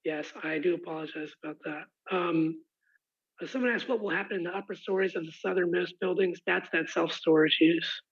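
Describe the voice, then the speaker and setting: A man who has lost his voice, answering residents' questions at a meeting in a halting, apologetic way with many restarts. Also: high-pitched, steady tone, husky. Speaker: rezoning applicant's representative. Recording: muffled lo-fi online call audio.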